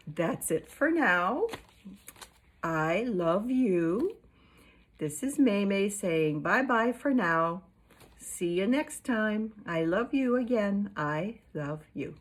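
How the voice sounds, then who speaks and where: Playful and animated, a woman storyteller reads a picture book aloud to young children and asks them questions. Her voice is medium in pitch and her pace is slow.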